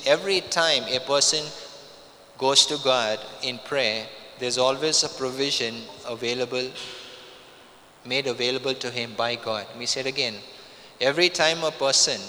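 A man's voice: medium pitch, pushed and bright, slight background noise. A man preaching a sermon, repeating key phrases for emphasis, with frequent restarts. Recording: long reverb of a hall.

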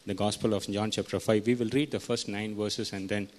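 A man's voice: fairly low pitch, steady tone, brisk, darkish tone. A man preaching a sermon, teaching verse by verse and putting questions to his listeners. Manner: teaching, asks the congregation questions.

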